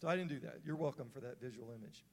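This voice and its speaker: A man's voice: mid-range voice, racing, darkish tone. Man preaching in a reverberant hall. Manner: conversational, earnest, fillers and restarts. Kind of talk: sermon storytelling.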